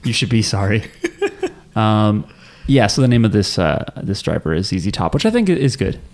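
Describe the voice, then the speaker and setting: A man hosting a podcast in easy, joking banter, now and then humming a riff. His voice sits at an ordinary pitch and he keeps things loose and playful. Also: sing-song, moderate pace, darkish tone. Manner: joking, breaks into humming riffs. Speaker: podcast host. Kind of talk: casual podcast chat.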